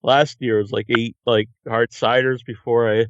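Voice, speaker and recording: A man's voice: medium pitch, little pitch movement, moderate pace, a bit bright, no room sound. A man hosting a podcast, talking casually with a hesitant manner. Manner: hesitant, many "uh"s. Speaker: podcast host. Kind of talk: casual chat. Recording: dry, dull lo-fi sound.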